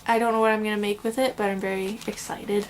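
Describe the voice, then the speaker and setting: A young woman gushes over her yarn in a casual show-and-tell crochet vlog at home, rambling a little while tired and fighting hiccups. Her medium-pitched voice stays level and quick, with slight background noise.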